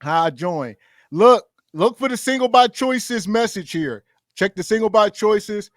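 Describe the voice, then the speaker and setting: Easygoing male podcast host, high voice, dry close sound. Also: expressive, unhurried, dry recording. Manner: easygoing, inviting. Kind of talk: casual podcast chat.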